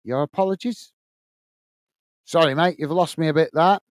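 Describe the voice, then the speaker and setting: A man hosts a casual live stream and reads viewer comments aloud, with lots of friendly uhs. His voice sits high and comes across smooth and clean. The sound is dry and close. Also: normal speed, no room sound. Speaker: host reading live chat.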